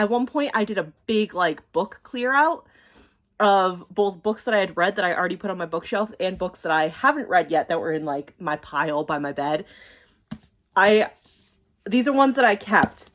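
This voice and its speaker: A young woman talking casually to her camera at home, emotional and quick, swearing and filling with "like". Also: medium pitch, a bit bright. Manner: emotional, fast, swearing, many fillers. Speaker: YouTuber. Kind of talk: casual vlog chat.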